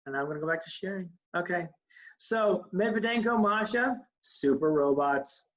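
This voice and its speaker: A man's voice: high-pitched, expressive, moderate pace, a bit bright, rough recording. A man teaching an acting class, coaching students and demonstrating lines aloud. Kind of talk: online acting class instruction.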